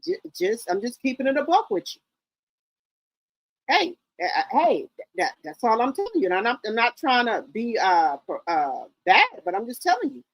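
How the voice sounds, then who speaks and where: A woman's voice: on the high side, big pitch swings, normal speed, poor audio. Sassy, blunt woman in her fifties. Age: 50s. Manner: blunt, sassy, curses freely. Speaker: livestream host. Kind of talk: casual livestream chat.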